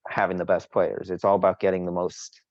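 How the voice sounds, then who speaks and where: A very low-voiced man talks fantasy baseball on a casual podcast, bragging and teasing his friends. He rambles and restarts his sentences. The audio is dull and dry, recorded close. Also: monotone, a little fast, a little mellow, no room sound. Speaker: podcast co-host. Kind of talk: casual sports chat.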